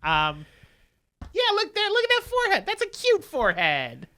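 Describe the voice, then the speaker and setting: A man co-hosting a podcast in casual chat, playful and quick to laugh. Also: very high-pitched, huge pitch swings, pushed and bright, no echo, clean studio sound. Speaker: podcast co-host.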